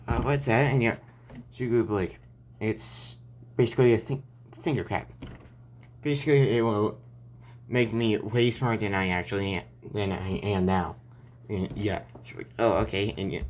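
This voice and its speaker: Guy making up a story as he goes, kinda low voice, keeps saying and yeah, bit of hiss in the back. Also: normal speed. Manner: rambling, restarting often with "and yeah". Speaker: fan fiction storyteller. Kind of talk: improvised story narration.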